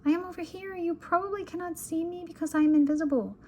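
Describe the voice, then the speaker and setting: A woman's voice: very high-pitched, fast, warm tone, pitched above the performer's own voice. A woman reading aloud, voicing a chatty, stubborn little girl who speaks in a matter-of-fact, insistent way.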